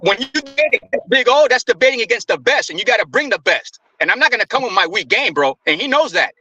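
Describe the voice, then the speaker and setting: A man's voice: extremely high pitch, animated, brisk, bright, forceful tone, husky, no room sound, highs cut off. A man co-hosting a casual sports talk show, making an earnest, argumentative case about his team. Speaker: co-host.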